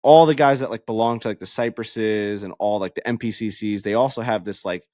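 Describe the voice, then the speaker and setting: A man co-hosting a podcast, telling a story in casual chat, animated and profane, acting out the people he quotes. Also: lowish voice, a little fast, dry recording, studio quality. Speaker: podcast co-host.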